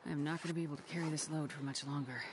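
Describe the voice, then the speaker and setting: A man's voice: fairly high pitch, steady tone, rapid-fire, lightly acted. An actor playing a tired adult male wilderness survivor who mutters to himself, heard as in-game audio. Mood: weary. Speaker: game character. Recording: in-game audio with background noise.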